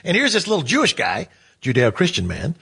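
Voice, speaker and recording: A man chatting casually as a co-host, telling animated stories and acting out the people in them. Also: on the high side, a little fast, gravelly, slightly rough. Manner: animated, acts out voices in his stories. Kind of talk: casual storytelling chat.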